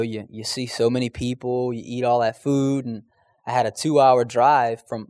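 A man's voice: medium pitch, darkish tone, dry recording. A man telling a personal faith testimony in an earnest, conversational way, speaking straight to his listeners.

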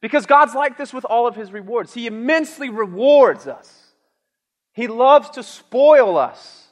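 A man preaching a sermon, lively and animated, dramatizing a Bible story with booming lines for the king. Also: a little slow, in a large hall. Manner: animated, acts out the king's lines with shouts. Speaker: pastor.

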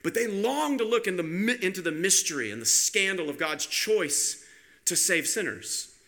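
A male pastor preaching a sermon in an animated way, asking rhetorical questions and often repeating his words. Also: high-pitched, moderate pace.

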